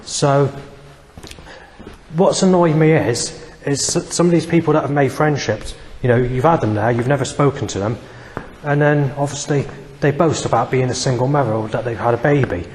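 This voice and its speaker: A man's voice: mid-range voice, moderate pace, darkish tone. A man giving a rambling, agitated vlog monologue, swearing often and circling back over the same points. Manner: agitated, profane, repetitive. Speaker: vlogger. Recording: long reverb, faint background noise.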